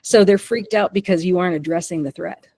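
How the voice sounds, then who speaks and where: A woman dog trainer teaching a webinar in an animated way. She often checks in with "okay?" and "right?". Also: lowish voice, a little fast. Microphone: remote call microphone.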